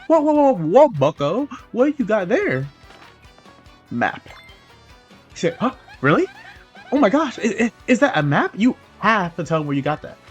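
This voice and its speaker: A man's voice: high-pitched, very animated, moderate pace, pauses often, slightly rough, dull audio, faint music behind, voice pushed up, full character voice. A man voicing a bubbly young female goomba student with chirpy, gushing chatter. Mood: eager.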